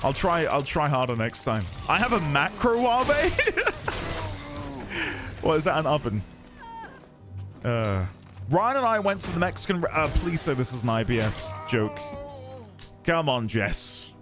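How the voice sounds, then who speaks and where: With music in the background, a British man from the United Kingdom talks loosely while playing a game on stream, laughing often and replying to chat. His mid-range voice is very animated, and he talks at a normal speed.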